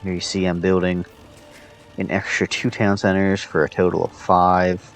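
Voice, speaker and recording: Male player, deep voice, narrates his own match loosely with ums, faint music underneath. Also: normal speed. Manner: relaxed, thinking aloud with fillers. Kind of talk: casual gameplay commentary.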